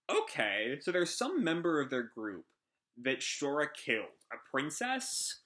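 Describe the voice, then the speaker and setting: A man's voice: a little high, huge pitch swings, measured pace, fairly bright tone. A man hosting a casual live reaction to a manga chapter, rambling with lots of fillers.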